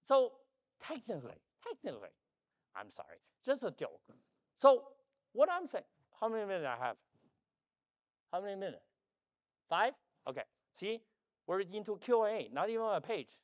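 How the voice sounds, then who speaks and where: A man giving a rambling conference talk, loud and emphatic, with joking asides. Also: high-pitched, big pitch swings, moderate pace, long pauses, no echo, muffled recording. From China. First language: Chinese. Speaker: conference speaker. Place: conference hall stage.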